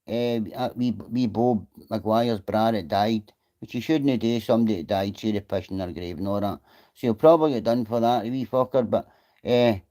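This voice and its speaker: His pitch is medium and his tone a little mellow. He's a middle-aged Scottish livestreamer going through chat, answering viewers bluntly and swearing freely in a casual exchange.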